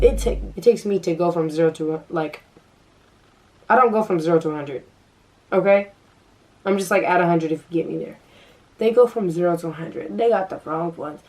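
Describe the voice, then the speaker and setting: A woman's voice: on the low side, darkish tone, far from the mic, a little hiss or hum, poor audio. A young woman vlogger telling a story in casual chat, full of fillers and restarts.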